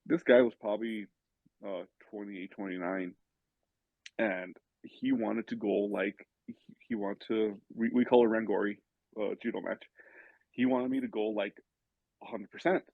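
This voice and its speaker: Stammering gravelly man, tinny sound. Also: lowish voice, steady tone, normal speed, no room sound. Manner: stammering, repeats words. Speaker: podcast guest, judo and jiu-jitsu student. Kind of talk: casual chat.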